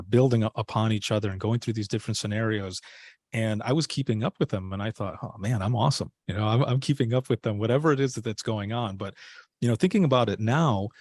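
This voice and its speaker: Guy w a lowish voice telling his story on a podcast, dry mic, does the voices of ppl he quotes. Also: no echo. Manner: animated storyteller acting out quoted dialogue. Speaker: podcast guest, former dispatcher. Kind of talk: casual storytelling.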